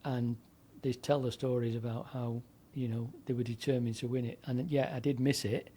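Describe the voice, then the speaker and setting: Older man with a dark, mellow voice. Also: medium pitch, little pitch movement, moderate pace, a little hiss or hum. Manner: rambling anecdotal delivery with frequent fillers and restarts. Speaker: guest, former DJ and broadcaster. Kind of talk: conversational storytelling.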